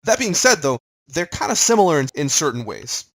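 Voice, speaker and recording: Man, lecturer, conversational teaching, animated pitch, quizzes listeners. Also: a little fast, low-quality recording. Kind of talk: recorded pharmacology lecture.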